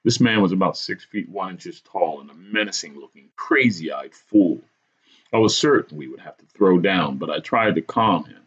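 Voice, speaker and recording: A man's voice: sits low, normal speed, husky, lo-fi sound. A man hosting a podcast, narrating a tense personal story in a dramatic, vivid way. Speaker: podcast host.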